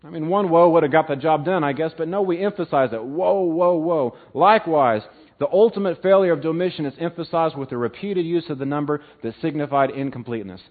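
A man teaching an evening Bible lesson to a live class, emphatic, swinging from loud stresses to quiet drops and repeating words. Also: fairly high pitch, quick pace. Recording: tinny phone-like sound.

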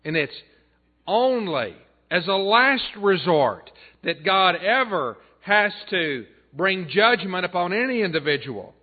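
A man preaching a sermon as pastor, earnest, building up loud and then dropping soft. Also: sits high, big pitch swings, takes it slowly. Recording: tinny phone-like band.

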